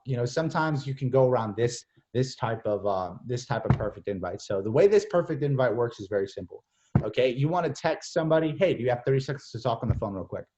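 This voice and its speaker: A young man giving casual, energetic coaching as a mentor, slipping into playful acted-out phone chats with lots of "like" and "bro". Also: medium pitch. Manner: energetic, repeats "like" and "bro", acts out texts and calls. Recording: slightly dull lo-fi audio.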